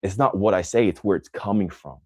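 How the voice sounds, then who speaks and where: A man's voice: deep voice, brisk, breathy edge, no echo. A man hosting a motivational livestream, speaking intensely and emphatically, often repeating phrases for effect. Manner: scornful toward critics. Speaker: host answering live comments.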